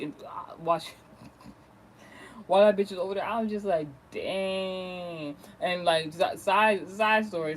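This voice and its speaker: A man vlogging a casual storytime rant, animated, gossipy and full of profanity. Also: on the high side, slight background noise, poor audio.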